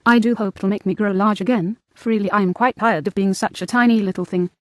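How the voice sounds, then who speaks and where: A woman's voice: medium pitch, fairly even intonation, quick pace, dry recording, clean studio sound, close to an everyday voice. Brief: woman reader as a curious, polite girl, eager and earnest, storybook.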